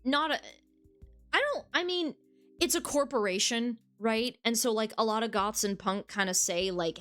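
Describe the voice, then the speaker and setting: A woman's voice: fairly high pitch, normal speed, a bit bright, faint music behind. A woman streaming a dating game, reading its text aloud and chatting casually with viewers, frank and swearing freely.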